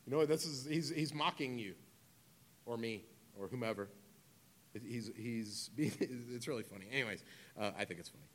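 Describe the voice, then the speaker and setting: A man's voice: mid-range voice, very animated, moderate pace, long pauses, fairly bright tone. A man in his thirties preaching a conversational sermon, with humorous asides and casual phrasing. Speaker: pastor.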